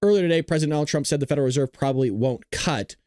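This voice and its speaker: A man's voice: fairly high pitch, very fast, darkish tone, no room sound. A man from Southern California with a Southern Californian accent hosting a livestream, joking and rambling on a close mic. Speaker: host. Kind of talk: livestream commentary.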